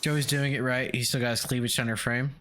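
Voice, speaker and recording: A man's voice: mid-range voice, steady tone, fast, fairly bright tone, a little hiss or hum. A man streaming a video game, chatting casually and profanely with his viewers in a rambling, joking way. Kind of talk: casual live-stream chat while gaming.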